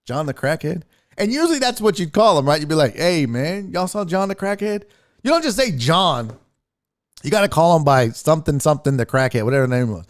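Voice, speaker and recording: Animated laughing man hosting a show. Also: fairly high pitch, quick pace. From Houston area. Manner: loud, laughing, animated storyteller. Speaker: host. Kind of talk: casual live-stream chat.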